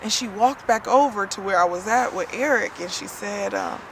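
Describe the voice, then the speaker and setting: A woman's voice: mid-range voice, normal speed, vocal fry, noisy background. A woman vlogging a casual personal story and spiritual testimony, chatty and heartfelt, full of "you know" fillers.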